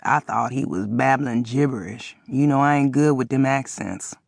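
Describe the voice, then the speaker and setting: A woman's voice: a bass voice, moderate pace, gravelly, dry recording, pitched below the performer's own voice, exaggerated voice. A woman voicing a tired old father who grumbles and rambles. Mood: grumbling.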